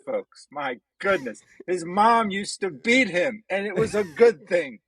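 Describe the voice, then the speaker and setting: A male comedian with a somewhat high, husky voice who takes his time. He teases his host in a playful roast-style introduction. The sound is dry and close. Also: lively intonation, measured pace, few pauses, no room sound, low-quality recording. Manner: playful and teasing. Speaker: stand-up comedian guest.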